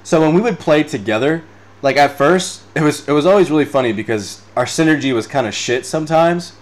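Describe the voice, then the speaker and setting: A man's voice: on the high side, lively intonation, a little fast. A man in his twenties hosting a podcast, chatting casually without a script, rambling and swearing freely while laughing often. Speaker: podcast host. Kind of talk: unscripted casual chat reading live comments.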